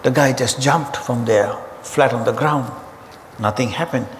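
A man preaching a sermon, telling humorous stories in an animated way. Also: mid-range voice, unhurried. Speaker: pastor. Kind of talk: sermon storytelling. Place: church auditorium. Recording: hall reverb with faint ambient noise.

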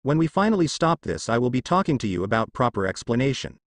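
A man's voice: mid-range voice, big pitch swings, fast, no room sound, natural voice. Man reading a drawling, snooty god, dry close sound. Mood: condescending. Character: bored, condescending male god.

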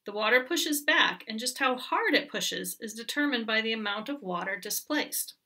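Bright-voiced woman teacher reading aloud. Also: fairly high pitch, expressive, normal speed, distant mic. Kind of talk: reading a picture book aloud.

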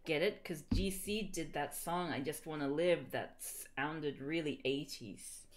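A woman voicing a smug gothic young man who brags about his music taste, in a lowered, drawling, mock-dramatic voice. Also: measured pace.

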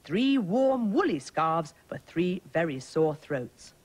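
Kindly storybook queen, soft and soothing, high and lilting , played by a woman. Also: very animated, takes it slowly, exaggerated voice.

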